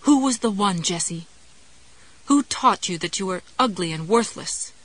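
A woman's voice: medium pitch, animated, measured pace, no echo, low-quality recording. A woman reading an audiobook, voicing a blunt, furious inner voice of a woman that interrogates and accuses. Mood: accusing. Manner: angry, sharp, interrogating.

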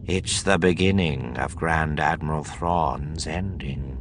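A man voicing a mind-controlled general in an audiobook, speaking slowly and dutifully. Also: a bass voice, noisy background. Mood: subdued. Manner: slow, subdued, dutiful. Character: mind-controlled male general, flat and obedient. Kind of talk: audiobook narration.

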